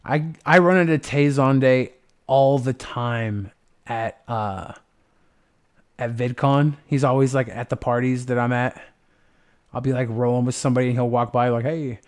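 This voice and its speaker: A young man hosting a livestream, chatting casually in a rambling, playful way with lots of swearing. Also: medium pitch. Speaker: livestream host.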